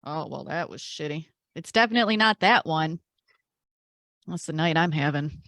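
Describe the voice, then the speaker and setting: A woman's voice: deep voice, lively intonation, normal speed, a bit bright, no echo. A woman playing a tabletop game with crude, swearing banter. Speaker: player. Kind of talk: casual tabletop role-play.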